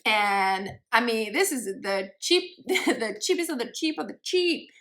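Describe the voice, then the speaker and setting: Chatty woman with a gravelly edge. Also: a little high, big pitch swings, unhurried, background noise. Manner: chatty, many fillers, giggly asides; unsure pronunciations, self-teasing. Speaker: beauty vlogger. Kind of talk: casual haul vlog.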